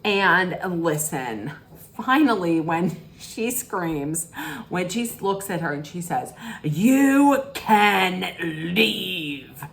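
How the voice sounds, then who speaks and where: A woman in a casual, gossipy recap, talking slowly and taking her time. Her voice sits a little low, and she rambles from one point to the next, slipping into the quotes as she goes. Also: expressive, fairly bright tone. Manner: rambling storytelling, acts out quotes. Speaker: reality TV recapper.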